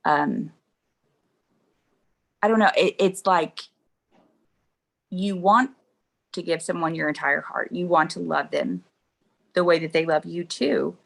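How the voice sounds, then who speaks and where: A woman's voice: fairly low pitch, slow pace, creaky, pauses often. A middle-aged woman, an interview guest, candidly telling personal stories and laughing along as she talks. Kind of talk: emotional personal storytelling.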